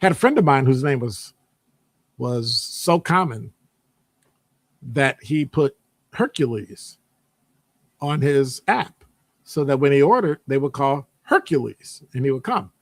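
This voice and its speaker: Guy rambling thru a story, bouncy lively pitch, dry close sound, goes off on tangents. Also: measured pace, pauses often, dry recording. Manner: animated, jumps into high-pitched voices when quoting people; conversational, digressive. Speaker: podcast host; academic department member. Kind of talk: casual storytelling monologue.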